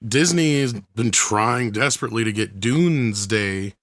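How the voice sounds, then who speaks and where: A man co-hosting a casual livestream chat, joking and trading quick asides. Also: on the low side, expressive, a bit bright, dry recording, clean studio sound. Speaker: co-host.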